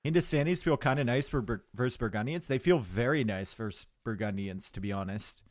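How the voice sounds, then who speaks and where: A man's voice: medium pitch, a little fast, no echo, studio quality. Chatty man casting a strategy game. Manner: chatty, joking with chat. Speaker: esports caster. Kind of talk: live game commentary.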